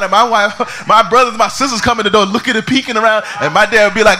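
A man pastor preaching a sermon in an animated, humorous storytelling manner. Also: high-pitched, a little fast.

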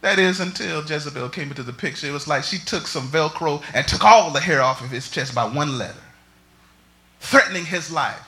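A man preaching a sermon, swinging between shouts and near whispers. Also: on the high side, fairly quick. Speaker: pastor.

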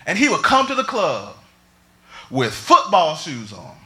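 A man preaching a sermon, swinging between shouts and near whispers. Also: on the high side, wildly swooping pitch, a little slow. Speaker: pastor.

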